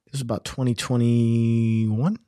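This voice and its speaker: A man's voice: mid-range voice, flat delivery, a little slow, warm tone, no echo. Male podcast host, medium voice, casual and teasing, dry close mic. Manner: teasing, storytelling. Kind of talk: casual chat.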